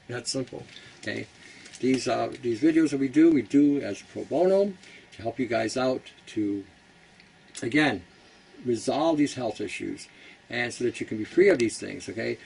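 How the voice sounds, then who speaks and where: A man's voice: mid-range voice, expressive, normal speed, gravelly, a little mellow, far from the mic, slight background noise, poor audio. A Canadian man hosting a casual how-to talk, blunt and rambling, who laughs at his own jokes. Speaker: host.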